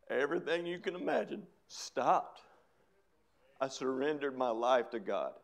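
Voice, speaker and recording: A middle-aged man preaching, telling his own story in a chatty way with laughs. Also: mid-range voice. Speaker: preacher giving testimony. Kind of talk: sermon testimony.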